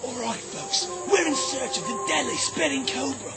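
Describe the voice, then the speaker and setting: A man doing a shouty Australian wildlife showman. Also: very high voice, animated, normal speed. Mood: excited. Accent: Australian (impression). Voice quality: loud, breathless, shouty. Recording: loud music under the voice.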